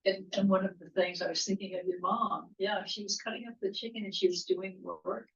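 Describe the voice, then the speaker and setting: A woman in a church study group sharing a thought in a halting, thoughtful way with some restarts. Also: medium pitch, flat delivery, gravelly. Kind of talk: casual group discussion. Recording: dull lo-fi sound.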